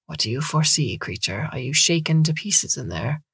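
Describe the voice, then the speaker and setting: A woman's voice: low-pitched, sing-song, moderate pace, fairly bright tone, slightly rough, dry recording, clean studio sound, full character voice. A woman playing a grown male poet, talking in a wry, stubborn way. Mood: dry.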